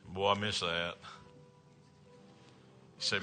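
A man's voice: sits low, moderate pace, sharp tone, faint music behind. A man with a Southern American accent preaching a revival sermon in a folksy, emphatic way, punctuated by amens. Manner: folksy, emphatic, calls out "amen". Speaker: traveling evangelist.

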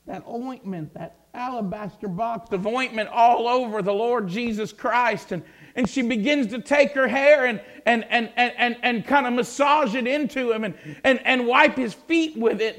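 High-voiced preacher who stammers and shouts. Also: male voice, moderate pace, hardly any pauses. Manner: stammering repetitions, swelling into fervent shouts. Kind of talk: sermon.

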